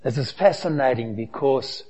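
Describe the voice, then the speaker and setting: A man's voice: medium pitch, normal speed, dark tone, husky. A man preaching a sermon, asking the congregation rhetorical questions and reading aloud from scripture. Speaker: pastor.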